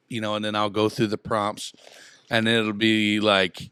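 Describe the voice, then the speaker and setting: Bright-voiced joking podcast host. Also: male voice, lowish voice, level tone, brisk, smooth, no room sound. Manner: rambling storyteller, crude and joking. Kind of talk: casual chat.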